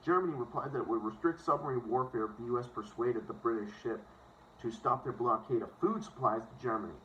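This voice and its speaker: Animated male reader, ranting and profane, lo-fi phone recording. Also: mid-range voice. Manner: profane, sarcastic interjections between passages; stumbles over words and corrects himself. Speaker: host reading a book aloud. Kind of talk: casual read-aloud with ranting asides. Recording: dull lo-fi phone recording, faint hiss.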